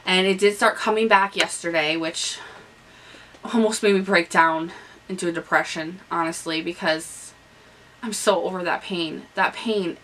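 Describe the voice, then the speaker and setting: A woman's voice: lowish voice, steady tone, a little slow, fairly bright tone, far from the mic, slight background noise, low-quality recording. Chatty young woman, a bit off-mic. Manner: candid, chatty, with frequent ums and restarts. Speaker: vlogger. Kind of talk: casual pregnancy update vlog. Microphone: camera on a stand nearby.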